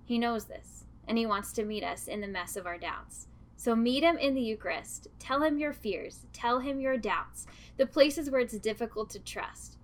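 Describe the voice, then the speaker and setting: Gentle, earnest religious sister, higher voice. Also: female voice, lively intonation, moderate pace. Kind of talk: devotional reflection.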